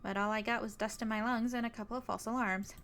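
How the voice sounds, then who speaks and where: A woman's voice: fairly high pitch, fairly even intonation, fast, fairly bright tone, slight background noise. A woman voicing a wry, unflappable young ghost hunter who talks in a dry, teasing way.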